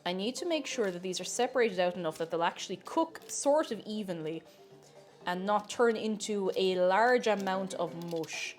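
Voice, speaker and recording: A woman's voice: mid-range voice, animated, normal speed, faint music behind. A young Irish woman streaming herself cooking, chatting casually and playfully with viewers, joking at her own expense and laughing often. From Ireland.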